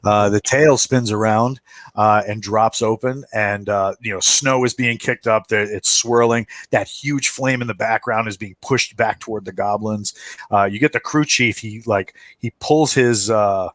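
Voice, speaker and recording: A man narrating a tabletop game as game master, halting with many fillers and restarts while he describes the scene. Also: fairly low pitch, a bit bright, no room sound.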